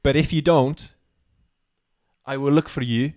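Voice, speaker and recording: A man playing a stern middle-aged father who threatens kidnappers, speaking slowly and deliberately. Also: medium pitch, steady tone, darkish tone, dry recording, clean studio sound, close to an everyday voice. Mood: threatening.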